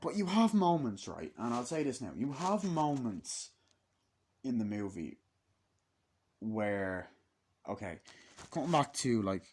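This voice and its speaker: A man's voice: lowish voice, sing-song, unhurried, long pauses, a little mellow, slight background noise. A man giving an unscripted movie review in a rambling way, swearing a lot and using many fillers. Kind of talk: casual, unscripted spoken review.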